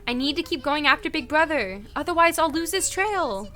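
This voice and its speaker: A woman's voice: sits high, expressive, moderate pace, pushed and bright. A woman voicing a frightened little schoolgirl who whimpers and pleads as she searches for her brother. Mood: panicked.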